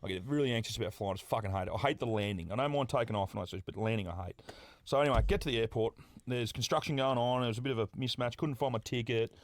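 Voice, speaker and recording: A man's voice: mid-range voice, racing, hardly any pauses, no room sound. An Australian man, a podcast guest, telling a story in casual chat, swearing freely and laughing through it.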